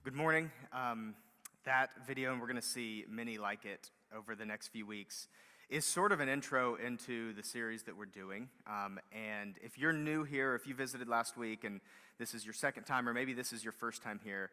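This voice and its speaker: A man's voice: medium pitch, normal speed, bright, forceful tone. A man preaching a conversational sermon as pastor, with frequent fillers and building emphasis. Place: church hall. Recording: long hall reverb.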